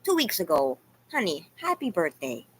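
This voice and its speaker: Woman, lowish voice, rambling confessional livestream chat, faint room hum. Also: wildly swooping pitch, moderate pace, a bit bright. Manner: rambling, confessional, says "you guys" and "like" a lot. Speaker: vlogger talking to live chat. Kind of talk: emotional casual livestream chat.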